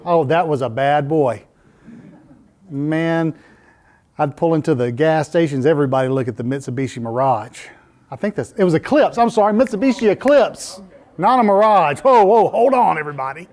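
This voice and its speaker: High-voiced man preaching with animated storytelling. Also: moderate pace. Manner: animated storytelling, laughing at himself. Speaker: pastor. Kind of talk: sermon. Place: church sanctuary.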